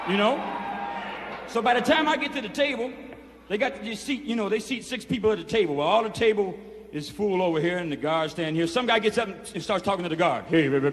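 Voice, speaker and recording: High-voiced man spinning a rambling yarn. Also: fairly bright tone. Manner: drawling, profane, peppered with "you know". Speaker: performer addressing inmates. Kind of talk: rambling spoken storytelling. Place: prison hall. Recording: reverberant hall, 1970s film sound.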